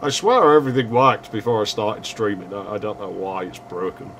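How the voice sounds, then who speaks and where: A man casually commenting while streaming a retro game, swearing freely and yelling at the screen now and then. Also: lowish voice, a little fast, a little hiss or hum.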